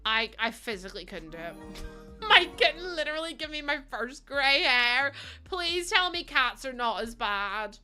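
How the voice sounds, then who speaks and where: A woman's voice: sits high, very animated, moderate pace, bright, forceful tone, smooth, faint music behind. A young woman from the UK or Ireland chatting casually with livestream viewers in a rambling, exasperated way, with frequent ums.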